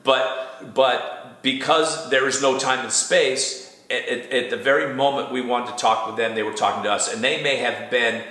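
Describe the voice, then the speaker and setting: A man with a bright, forceful tone talks through a hard idea, stopping and restarting as he searches for words. His voice bounces in an echoey room. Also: medium pitch, fairly even intonation. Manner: halting, restarts, thoughtful. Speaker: co-host. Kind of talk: casual spiritual talk.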